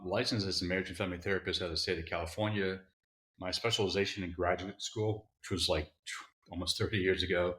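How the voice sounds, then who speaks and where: A man in his fifties, a therapist guest, explaining his background calmly in an interview. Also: low-pitched, echoey room. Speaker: guest, therapist and resilience coach.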